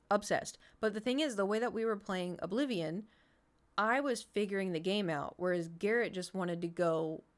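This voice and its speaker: A woman in her thirties, streaming and chatting casually, rambling through an anecdote and answering chat as she goes. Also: medium pitch.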